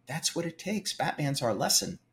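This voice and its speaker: An older man, a film producer, telling emphatic, animated stories in an interview. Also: a little high, moderate pace. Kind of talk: storytelling interview.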